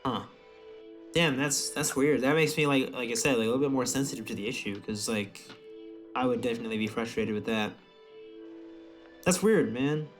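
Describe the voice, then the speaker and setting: A man co-hosting a podcast in casual chat, animated and profane, often laughing. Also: mid-range voice, moderate pace, long pauses, faint music behind. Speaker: podcast co-host.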